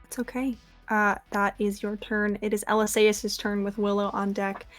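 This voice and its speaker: A woman's voice: mid-range voice, little pitch movement, normal speed, faint music behind. A woman game master narrating a tabletop game with vivid description and frequent fillers.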